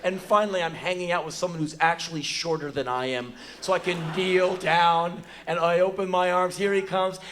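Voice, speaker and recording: An American man in his forties telling a profane, animated story as live spoken word on a theater stage, bursting into shouts now and then. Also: high-pitched, moderate pace, hardly any pauses, slight background noise. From United States. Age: 40s.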